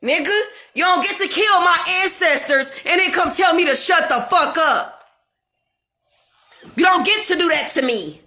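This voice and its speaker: Heated, bright-voiced woman ranting at home. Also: very high voice, animated, normal speed. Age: 30s. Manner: heated, profane, emphatic. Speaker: vlogger. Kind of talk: unscripted rant to camera. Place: home kitchen.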